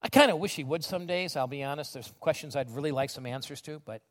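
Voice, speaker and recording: High-voiced guy preaching, chatty and animated, lots of hall echo. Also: fast, few pauses. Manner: conversational, animated storytelling. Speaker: pastor. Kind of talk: sermon. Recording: long reverb of a large hall.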